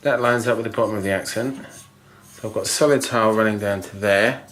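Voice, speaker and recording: In a bathroom under refurbishment, a DIY video host explains tiling step by step, casually thinking aloud with ums and restarts. His lowish, slightly bright voice is fairly quick, and the moving camera mic picks up a reverberant sound indoors.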